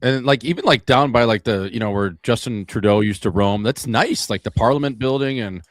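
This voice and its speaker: A comedian sits in on a casual podcast, throwing out loose, crude jokes. His voice is a touch low for a man but ordinary. The recording is close and dry. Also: brisk, no room sound. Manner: loose, joking, crude banter. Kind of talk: casual chat.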